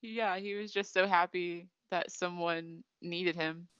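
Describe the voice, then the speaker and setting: Casual chatty woman retelling an episode, lowish voice, dull lo-fi audio. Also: fairly even intonation, takes it slowly, fairly bright tone, clean tone, no room sound. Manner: chatty storytelling with many fillers. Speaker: podcast host. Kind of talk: casual episode recap chat.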